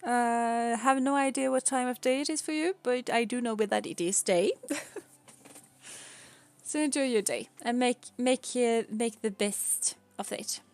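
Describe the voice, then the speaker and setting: A woman's voice: a little high, measured pace, darkish tone. A woman whose first language is Swedish, chatting casually while streaming a game, giggling often and rambling with repeated words. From Sweden.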